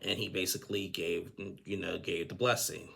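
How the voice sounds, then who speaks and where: Deep, gravelly man recapping casually. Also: flat delivery, normal speed, pushed and bright. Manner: rambling, with frequent restarts and chuckles. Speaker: TV recap host.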